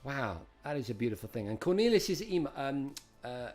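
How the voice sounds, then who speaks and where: Over soft background music, a middle-aged quiz host runs a retro live stream, reading questions and chatting with viewers he greets by name. His medium-pitched, darkish voice has big pitch swings at a moderate pace.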